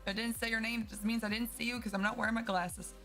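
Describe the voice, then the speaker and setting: A woman's voice: a little high, level tone, fairly bright tone, faint music behind. A woman streaming a game, chatting casually and upbeat with her viewers at a desk mic. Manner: chatty and upbeat, quick bursts with laughs.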